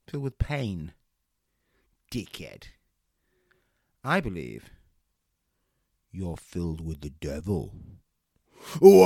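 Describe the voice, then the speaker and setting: A man plays a mild counsellor who erupts into a fire-and-brimstone preacher casting out the devil. The voice swings widely in pitch and carries a gravelly rasp. It is recorded dry and close. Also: dry recording, heavily acted. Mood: calm, patient. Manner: soft and patient, then booming revival-preacher fervor. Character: calm male counsellor turned fiery exorcist preacher. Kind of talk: comedy sketch acting.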